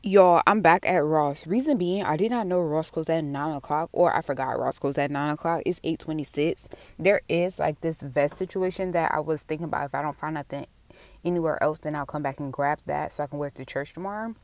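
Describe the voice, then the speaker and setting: A young woman with a smooth, sleepy-sounding voice, chatting casually to viewers as a vlogger while running errands. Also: sits low, brisk, no room sound. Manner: chatty, addresses viewers as y'all and girl. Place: in a car and stores.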